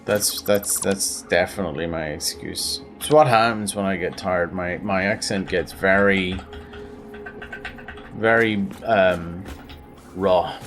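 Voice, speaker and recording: A man's voice: low-pitched, slow, a bit bright, soft background music. A man with a Belfast accent giving rambling, self-mocking commentary while playing a video game. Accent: Northern Irish, Belfast. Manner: rambling, self-mocking, bursts into silly noises. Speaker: game streamer. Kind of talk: gameplay commentary.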